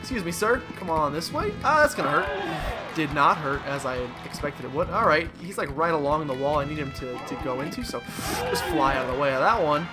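A young man giving casual, jokey let's play commentary, excitable and talking to the game figures. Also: on the high side, brisk. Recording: voice over loud game music. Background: game music.

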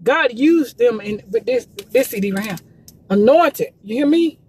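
A woman's voice: a little high, lively intonation, unhurried, darkish tone, breathy edge. A woman promoting gospel music in a casual livestream, urging listeners with emphatic, repetitive preachy calls.

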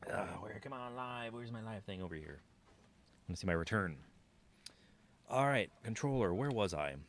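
A man's voice: expressive, normal speed. A man streaming a farming game, chatting casually and thinking aloud to his viewers. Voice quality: low voice. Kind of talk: casual gameplay commentary.

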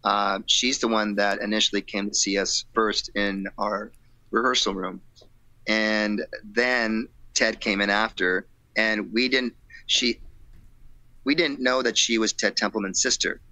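A man, a rock singer guesting on an interview show, telling stories in a casual, animated way and acting out old conversations. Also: on the low side, unhurried, no echo. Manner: animated storyteller acting out quotes, laughing, swearing.

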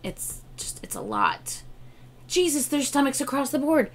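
A woman's voice: high-pitched, huge pitch swings, a little slow. A tired woman hosting a reaction video, talking casually, swearing freely and singing along.

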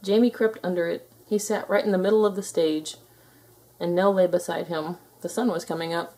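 A woman reads a children's picture book aloud with a low voice. Her storytelling is calm and steady. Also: brisk. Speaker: storybook reader.

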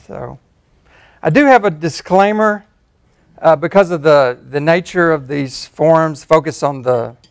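A man in his fifties from Tennessee with a Southern accent, giving a relaxed, self-deprecating personal talk as a faculty speaker. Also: fairly high pitch, smooth. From Tennessee, USA. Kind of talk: personal talk at a campus forum.

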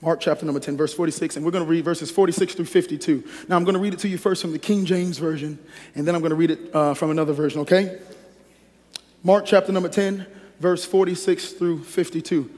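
Male pastor, high bright voice, preaching to a congregation, reverb-heavy hall. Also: a little fast. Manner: lively call-and-response, teasing the congregation. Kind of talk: sermon with scripture reading.

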